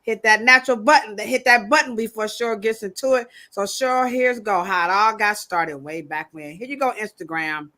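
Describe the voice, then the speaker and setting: Podcast hostess, bright clear voice, animated and emphatic, riffs and jokes with the chat. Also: female voice, medium pitch, normal speed, few pauses. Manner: animated, emphatic, joking rants. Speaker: podcast host. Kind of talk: casual chat.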